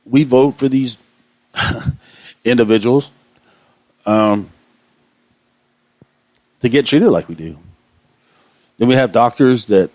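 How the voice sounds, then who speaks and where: A man's voice: mid-range voice, slow, pauses often, darkish tone, dry recording. A man hosting a radio show, delivering an aggravated, impassioned monologue full of repetition. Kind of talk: ranting monologue.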